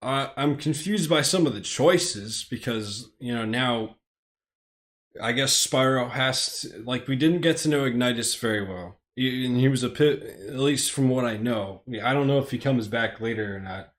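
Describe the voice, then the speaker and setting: A man's voice: mid-range voice, normal speed. A man casually reading a movie script aloud on a live stream, hesitant and stammering, with frequent restarts.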